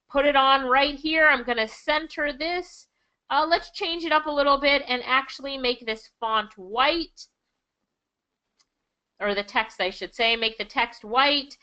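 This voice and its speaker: A high, bright-toned woman with a Jamaican accent talks through a screen-share lesson in an enthusiastic, chatty way. The audio is a little dull and lo-fi, like a computer mic. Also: moderate pace. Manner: enthusiastic, chatty, laughs often. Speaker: online income instructor.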